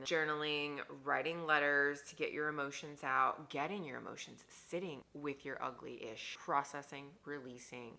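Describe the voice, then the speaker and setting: A woman in her thirties, a mindset coach, talking to camera in a casual vlog, emphatic and scolding, dropping to whispers and rising to loud stresses. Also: low voice, vocal fry.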